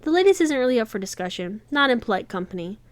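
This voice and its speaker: A woman reading aloud, voicing a flustered, embarrassed young woman baker who talks haltingly. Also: a little high, very animated, dry recording.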